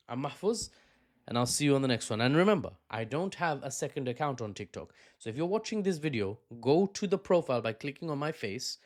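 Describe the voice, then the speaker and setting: A man hosting a casual political commentary show, speaking at a mid-range, everyday pitch. He talks off the cuff, opinionated and chatty, often correcting himself and dropping in asides. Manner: conversational, opinionated, self-correcting with fillers and asides. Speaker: news commentary host.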